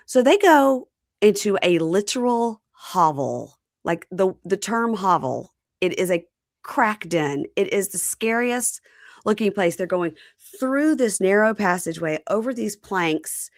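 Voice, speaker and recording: A woman hosting a podcast, telling a story in a casual, animated way and acting out what people said. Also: medium pitch, slow, no room sound, clean studio sound. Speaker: podcast host. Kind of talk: casual recap chat.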